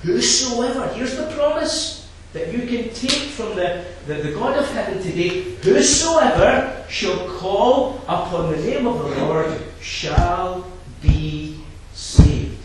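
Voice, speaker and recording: A man preaching a sermon, swinging from low quiet asides to loud impassioned climaxes and repeating his key phrases. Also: sing-song, takes it slowly, hardly any pauses. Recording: very echoey, from a distance, faint background noise.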